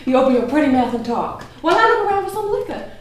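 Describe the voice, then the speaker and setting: A woman acting out a nervous, genteel Southern lady who swoops high and low in a lively, theatrical flutter. The stage recording is heavily echoey and picked up from a distance, with faint hiss. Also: fast talker. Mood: giddy, fluttery. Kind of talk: stage play performance.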